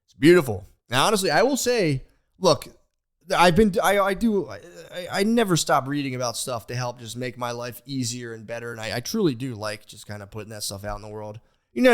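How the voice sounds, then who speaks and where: A young man on a podcast, rambling in casual chat, animated, swearing freely and restarting his sentences. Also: medium pitch. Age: young adult. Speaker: podcast host.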